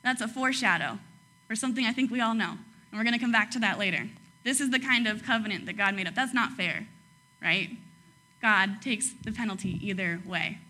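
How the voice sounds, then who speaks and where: A young woman preaching a casual sermon, chatty and quick to laugh, tagging her points with "right?" and "like". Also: medium pitch, pushed and bright.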